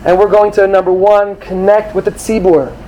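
A man giving an animated sermon to young students, acting out quoted voices and sprinkling in Hebrew terms. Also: high voice, moderate pace, lo-fi sound, slight background noise. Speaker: rabbi or teacher addressing students.

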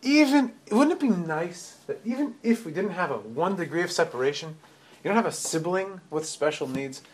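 A man's voice: high-pitched, expressive, normal speed, husky. A middle-aged man giving a storytelling sermon, retelling events animatedly with frequent restarts and repeated words.

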